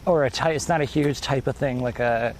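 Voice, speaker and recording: A man's voice: medium pitch, fairly quick, slight background noise, rough recording. A man live-streaming as he walks outdoors, chatting loosely and answering viewers, a little out of breath from the climb. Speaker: walking livestreamer. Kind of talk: casual live-stream chat while walking. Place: outdoors, countryside road.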